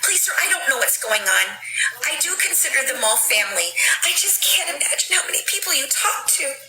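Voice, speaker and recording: A woman reading a transcript aloud and voicing an evasive, pleading young woman being questioned by police, in a raised, halting voice. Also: sits high, sing-song, background noise, pitched above the performer's own voice. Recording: echoey room with music behind.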